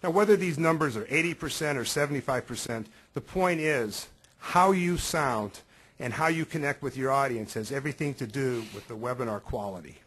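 Slightly husky male webinar host. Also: mid-range voice, fairly bright tone, poor audio. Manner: measured presenter citing statistics. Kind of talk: instructional webinar talk. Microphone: professional microphone.

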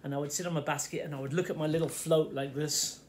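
With a faint radio playing and a little hiss or hum on the recording, a middle-aged Fens man tells a childhood story in his kitchen for his vlog. His voice runs on the high side with a steady tone and a fast pace, rambling and self-interrupting.

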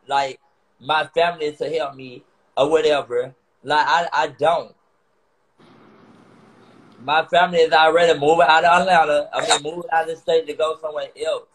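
A man's voice: a little high, a bit bright, rough recording. Upset man ranting to viewers. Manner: upset, repetitive, swearing. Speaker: vlogger on a live stream. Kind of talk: emotional rant to viewers.

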